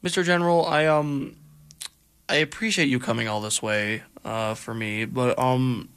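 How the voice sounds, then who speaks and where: A man's voice: medium pitch, steady tone, normal speed, a bit bright, smooth. A man hosting a comedic radio show, talking in a hesitant, rambling, flustered way. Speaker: radio host.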